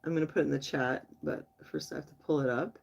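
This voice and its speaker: A woman's voice: low voice, fairly even intonation, quick pace, creaky. A woman hosting a casual late-night livestream, chatting loosely with viewers and laughing easily. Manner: chatty, talks straight to viewers in the chat; laughs often, loose and friendly. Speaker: livestream host.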